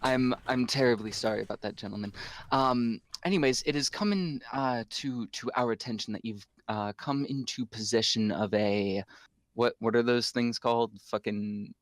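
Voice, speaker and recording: A man's voice: mid-range voice, normal speed, no echo, close to an everyday voice. A man voicing a polite young noblewoman in a tabletop game, speaking formally and hesitantly.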